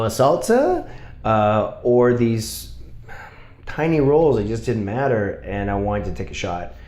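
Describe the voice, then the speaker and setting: Actor guy rambling about his early days, kinda low voice, swears a lot, roomy echo. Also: darkish tone. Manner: candid, swears, laughs at himself. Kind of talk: casual storytelling.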